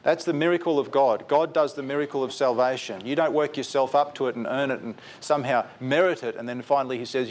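A man's voice: medium pitch, a little fast, a little hiss or hum. A man preaching a sermon in an earnest, repetitive way, putting direct questions to his listeners.

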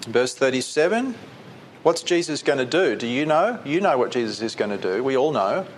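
A man's voice: mid-range voice, sing-song, moderate pace, a little hiss or hum. A man preaching a conversational sermon that keeps putting questions to his listeners.

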